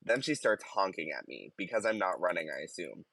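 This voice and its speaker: Male podcast co-host, deep-ish voice, dry recording, reads stories while breaking into laughter. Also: very animated, fairly quick, vocal fry, a bit bright, dry recording. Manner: giggly, laughs mid-sentence while reading. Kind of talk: casual chat, reading stories aloud.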